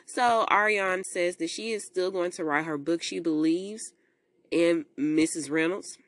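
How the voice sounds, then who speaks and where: Animated woman recapping a film. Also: fairly low pitch, measured pace, no echo. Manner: animated storytelling, talks to listeners as "y'all", acts out quotes in character voices. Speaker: podcast host recapping a film. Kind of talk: casual movie recap.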